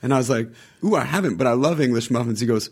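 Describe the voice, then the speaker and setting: A man in his forties telling stories in a casual podcast chat, acting out quoted lines with raised pitch and laughter. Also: quick pace, slightly rough. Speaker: podcast guest, actor.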